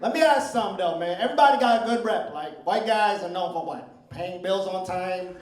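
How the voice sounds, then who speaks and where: Middle-aged male stand-up, crude and chatty crowd worker, high voice, roomy live club sound. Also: brisk, distant mic. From Philippines heritage. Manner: brash, crude, conversational crowd work. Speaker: stand-up comedian. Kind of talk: stand-up comedy set. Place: comedy club stage, live audience.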